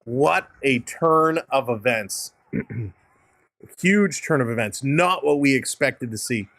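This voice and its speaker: A man's voice: mid-range voice, animated, slow, vocal fry, fairly bright tone, dry recording. A man with a Canadian accent hosting a live hockey stream, calling the play-by-play and greeting chatters by name. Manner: upbeat, greets chatters by name between game calls.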